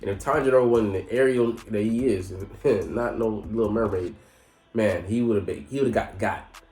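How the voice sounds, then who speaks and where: A man's voice: lowish voice, moderate pace, a little mellow. A man giving casual anime commentary, rambling with lots of fillers and profanity. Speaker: anime reviewer. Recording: echoey room, faint music.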